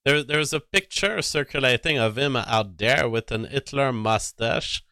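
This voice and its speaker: Slow, smooth-voiced man rambling. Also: mid-range voice, pushed and bright, dry recording, clean studio sound. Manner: meandering, restarts sentences often. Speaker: commentator. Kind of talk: rambling storytelling monologue.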